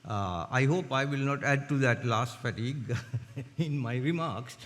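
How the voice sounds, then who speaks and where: A man's voice: mid-range voice, a bit bright. Older Sri man in a hall. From Sri Lanka. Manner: deliberate, measured, with frequent hesitant "uh" fillers. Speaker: conference speaker. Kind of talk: formal conference talk. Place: large conference hall. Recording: long hall reverb.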